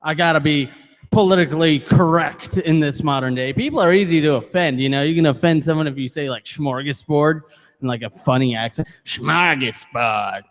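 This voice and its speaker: A man's voice: fairly high pitch, fairly quick. A man hosting a cafe open mic, rambling and joking crudely between acts in a live venue. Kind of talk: joking stage banter. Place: cafe performance space. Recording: hall reverb from live venue.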